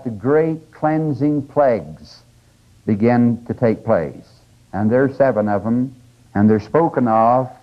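A man giving a conversational, emphatic scripture lecture to a class, often checking in with his listeners. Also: mid-range voice. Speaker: religious lecturer. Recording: dull lo-fi 1980s lecture tape.

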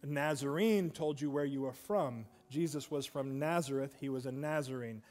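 A man's voice: medium pitch, moderate pace, a little mellow, in a large hall. A man preaching a sermon in a church, conversational, with asides to the congregation. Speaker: pastor. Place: church sanctuary.

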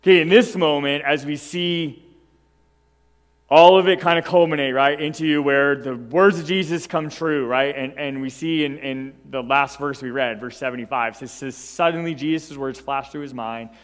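Animated male preacher with a fairly high voice in a reverberant church. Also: moderate pace. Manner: animated and emphatic, often asking "right?". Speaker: pastor. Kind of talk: sermon. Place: church sanctuary.

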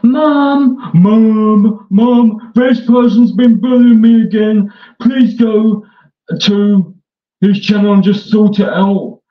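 A man's voice: sits high, steady tone, slow pace, voice pushed up. A man putting on a whiny man-child crying for mom. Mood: whining. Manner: pleading, childish whine. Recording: echoey dull lo-fi room.

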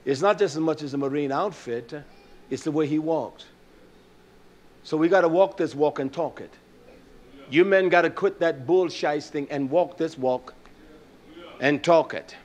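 A man preaching a sermon in a fiery, scolding style that drops to a quiet, storytelling voice. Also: a little high, a little slow, long pauses, muffled recording.

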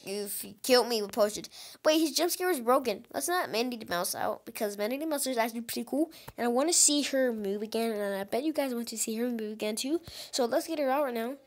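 An excitable woman with a fairly high voice gives running let's-play commentary. She talks directly to her viewers and keeps breaking into exclamations. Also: fast. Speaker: gaming channel host.

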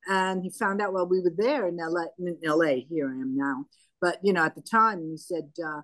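Older woman telling stories, low dry voice. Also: moderate pace, no room sound. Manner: anecdotal, animated retelling with quoted dialogue. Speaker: interview guest. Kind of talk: conversational storytelling.

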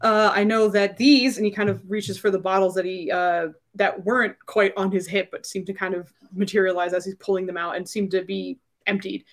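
A woman's voice: medium pitch, little pitch movement, brisk, hardly any pauses, lightly acted. A woman voicing a frightened, remorseful man freed from mind control, who stammers out apologies. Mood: panicked.

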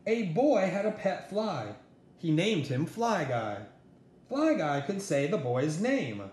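A man reads a children's picture book aloud with slow, deliberate pacing. His fairly high voice rises and falls in a lively, expressive way. The sound bounces around an echoey room. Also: slight background noise. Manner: slow, expressive storybook reading. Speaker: storyteller.

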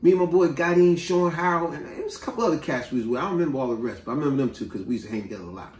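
A man casually telling a story from his school days in a slangy, animated way, with lots of asides. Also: a little high, very fast. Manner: animated, street-slang storyteller who breaks into asides and acted quotes. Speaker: vlogger. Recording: roomy, distant mic.

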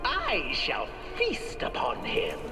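Brief: a man doing a high, swooping, sing-song old witch, cruel and coaxing, echoey and distant with music. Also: wildly swooping pitch, slow pace, full character voice. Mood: menacing. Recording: echoey, distant, long reverb.

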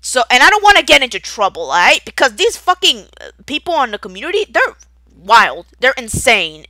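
A woman's voice: sits high, big pitch swings, a little fast, pushed and bright, no echo. A young woman in an unscripted rant, angry and profane, rambling with stutters and restarts. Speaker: video creator.

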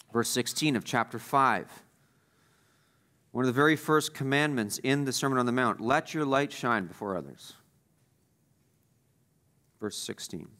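A pastor with a mid-range voice delivers an emphatic sermon. Key phrases come back again and again, and his volume moves from loud stresses to quiet asides.

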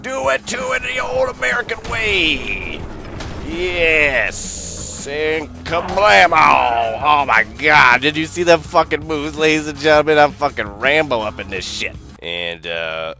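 A man voicing a foul-mouthed, drug-addled wasteland junkie with excitable, rambling, profane game commentary. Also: a little high, slow pace, gravelly, faint music behind, pitched above the performer's own voice, full character voice. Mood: excited. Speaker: game streamer. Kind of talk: role-play game commentary.

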